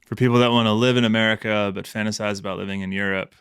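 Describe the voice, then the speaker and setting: Guy co-hosting a podcast, kinda low and gravelly, laid-back joking chat, dry close sound. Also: fairly even intonation, racing, a bit bright, no echo. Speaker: podcast co-host. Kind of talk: casual chat.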